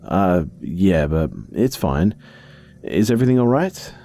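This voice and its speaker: A man's voice: low-pitched, animated, measured pace, dark tone, no echo, voice pushed up. A man voicing a young woman police officer in a first-person story, speaking earnestly with some hesitation.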